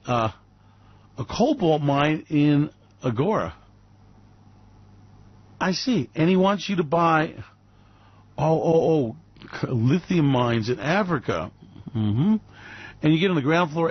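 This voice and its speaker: A man's voice: a little high, dry recording, dull audio. A man hosting a radio show, ranting sarcastically and slipping into mocking, theatrical silly voices.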